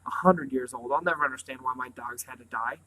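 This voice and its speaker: A heartbroken country boy who has just lost his dogs, grief turning to defiance, as a man reading a storybook puts him on. The voice is bright and a little subdued, and it reads like the reader's own. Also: mid-range voice, fast, slight background noise, lightly acted, low-quality recording. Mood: grieving.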